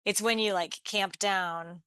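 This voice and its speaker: A woman's voice: mid-range voice, steady tone, slow, a bit bright, smooth, no room sound. A woman guest author in casual chat, telling personal stories openly.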